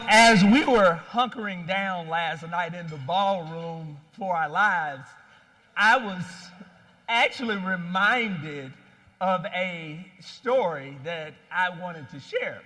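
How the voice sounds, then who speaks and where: A man giving a live keynote speech at an expo, telling a story and rallying the crowd with animated energy. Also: sits high. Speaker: founder and CEO giving a keynote. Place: large hall at a live expo. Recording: long hall reverb.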